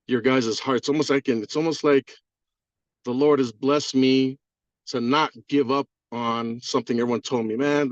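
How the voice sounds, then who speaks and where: A man speaking on a live call, rambling and swearing often, apologizing, choked up and crying with a husky voice. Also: medium pitch, no echo. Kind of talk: emotional live-stream call. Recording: dull lo-fi audio.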